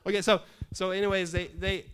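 This pastor is a middle-aged man with a high, smooth voice and a fairly quick pace. During his sermon he tells a funny story from the pulpit, animated and laughing frequently.

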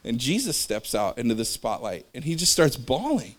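A man with a sing-song, mid-range voice speaks at a moderate pace in a relaxed religious talk. He strays into personal tales and jumps between them, keeping things conversational and padded with fillers.

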